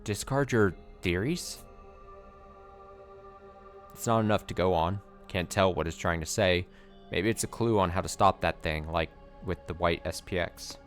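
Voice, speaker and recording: A man reading a game's narration aloud in a steady, plain way, with game music behind. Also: low-pitched, normal speed. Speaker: let's play narrator.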